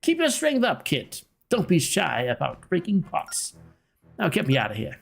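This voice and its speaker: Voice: medium pitch, huge pitch swings, normal speed, creaky, pitched above the performer's own voice, heavily acted. A streamer voicing a cocky, cowardly male ship captain with a smug, wheedling manner. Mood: bossy. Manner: smug, wheedling, talks down to a kid. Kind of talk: voicing game dialogue live.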